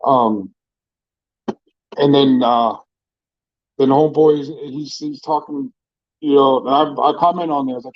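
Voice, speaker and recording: A man's voice: mid-range voice, measured pace, long pauses, no room sound. A man tells stories in a loose, meandering way, full of fillers and swearing. The recording is dry and a little dull, with no room sound around him. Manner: laid-back, profane, rambling with many fillers. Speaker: restaurant owner and vlogger. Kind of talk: casual storytelling.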